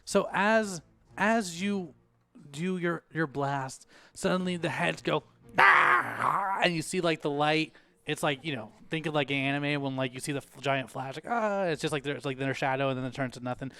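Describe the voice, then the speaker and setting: A man's voice: on the high side, fairly even intonation, moderate pace, fairly bright tone, smooth. A man running a tabletop game as game master, narrating with frequent laughs and restarts. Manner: rambling, laughs often, many restarts.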